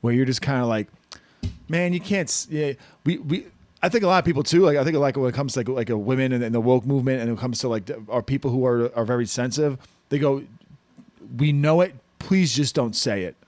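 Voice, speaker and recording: Casting: male podcast host, mid pitch, loose rambling delivery, dry close mic. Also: fast, a little mellow, no room sound. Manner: rambling, restarts often, quotes comedians. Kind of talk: casual chat.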